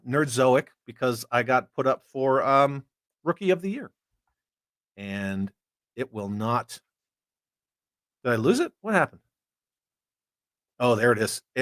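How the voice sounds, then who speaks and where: A man's voice: medium pitch, a bit bright, no room sound, studio quality. Loose, joking man hosting a live stream. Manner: loose, joking, swears casually. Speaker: host of a toy collecting live stream; army veteran. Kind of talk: casual live-stream chat reading comments.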